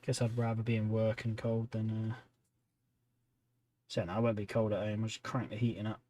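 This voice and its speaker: With slight background noise behind him, a man with a low voice talks a little fast while painting miniatures at home for a hobby livestream. He chats and rambles in a relaxed way with viewers between tasks.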